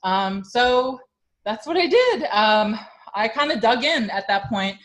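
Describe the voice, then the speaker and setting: A woman's voice: fairly high pitch, very animated, slow. Chatty young woman, tearful story. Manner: chatty, many fillers, grows emotional and tearful. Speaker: fitness coach. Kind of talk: personal story in an interview.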